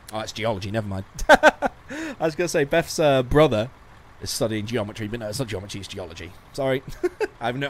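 A man's voice: mid-range voice, a little hiss or hum. Chatty, swearing man streaming a game. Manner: chatty, swearing, self-mocking, laughs often. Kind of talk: casual gameplay commentary.

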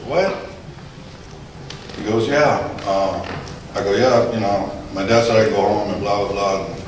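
A man's voice: on the low side, slight background noise. A man in his forties or older giving a personal testimony to a church audience, telling his story conversationally and acting out the dialogue. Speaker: guest speaker giving testimony. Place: large echoey hall. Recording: echoey hall, voice from far off.

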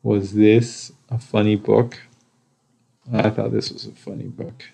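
A man reads a children's storybook aloud at a very unhurried pace. His voice has a gravelly fry, and he lingers over the repeated phrases with pauses. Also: fairly low pitch, little pitch movement, mellow. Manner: slow, deliberate, with repetitions and pauses. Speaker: storybook reader.

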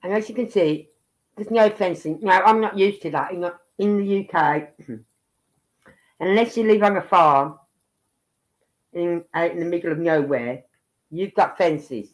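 A woman's voice: on the low side, measured pace, long pauses. A woman from England with a Birmingham accent, chatting casually on a livestream and thinking aloud as she goes. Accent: Brummie (Birmingham). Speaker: livestream commentator.

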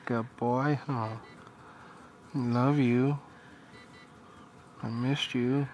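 A man talking softly to his newborn son as his father, cooing and repeating himself. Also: medium pitch, steady tone, slight background noise, low-quality recording. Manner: soft, slow, repetitive cooing. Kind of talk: baby talk to newborn son.

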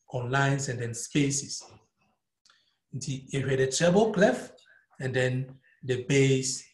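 Ghanaian male music teacher, unhurried, switches between English and Twi, reverberant room. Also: mid-range voice. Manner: mixes English and Twi, spells out note names one by one. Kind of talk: live-streamed music theory lesson. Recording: echoey room.

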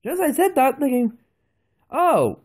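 Young man, phone game commentary, very animated pitch, nervous and rambling, lo-fi phone recording. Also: a little slow, faint music behind. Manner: nervous, jumpy, rambling with fillers. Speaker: gaming channel host. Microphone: phone recording itself.

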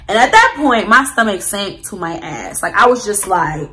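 A young woman tells a casual storytime straight to her viewers. Her voice is bright and crisp, and she is loose and animated, full of slang and asides to the audience. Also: mid-range voice, moderate pace, low-quality recording. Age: young adult. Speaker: vlogger.

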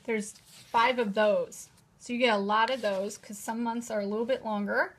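A woman's voice: a little high, steady tone, normal speed. A woman hosting a casual live-stream showcase of new planners, gushing and chatty as she repeats how cute each page is. She sits at a table, speaking to a camera in a holder. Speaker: host presenting new planners. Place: indoors at a table at home.

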